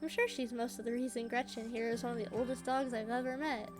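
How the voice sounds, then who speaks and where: Brief: woman reading a chipper, down-to-earth young woman, high voice, over game music. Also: fairly even intonation, fast, close to an everyday voice. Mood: fond. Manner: cheerful, folksy, matter-of-fact. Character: friendly young woman living alone with her old dog.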